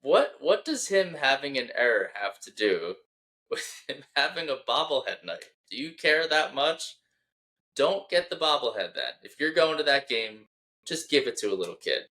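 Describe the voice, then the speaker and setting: A man's voice: medium pitch, big pitch swings, moderate pace, sharp tone. A young man co-hosting a casual sports podcast, teasing his co-host and laughing as he reads tweets aloud. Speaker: podcast co-host, Philadelphia fan.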